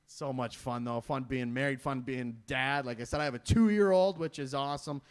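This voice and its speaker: A man in his thirties doing a stand-up comedy set, self-deprecating and jumping into loud voices when quoting people. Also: medium pitch, normal speed, clear, resonant tone.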